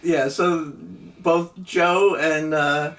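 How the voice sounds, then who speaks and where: A man's voice: fairly high pitch, fairly even intonation, very slow, fairly bright tone, distant mic. A middle-aged man from New Jersey casually telling a rambling story with many restarts and laughs. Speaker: podcast co-host.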